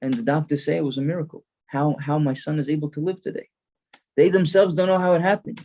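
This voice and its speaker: A man's voice: fairly high pitch, steady tone, fast talker, a little mellow. A man voicing a grateful father who tells a rabbi his son was healed, speaking earnestly and with emphasis.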